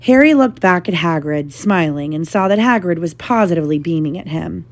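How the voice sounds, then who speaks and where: A woman with a slightly low voice reads a novel aloud to her child. She tells it in a lively way and now and then breaks off for a short aside. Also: brisk. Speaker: parent reading aloud to a child.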